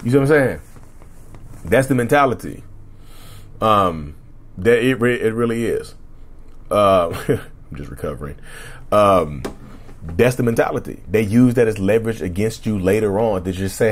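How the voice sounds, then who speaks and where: A man hosting a casual solo podcast, talking in a rambling, repetitive way with a slightly rough throat he keeps clearing, and often asking the listeners "right?". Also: fairly low pitch, expressive, normal speed, long pauses. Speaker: podcast host.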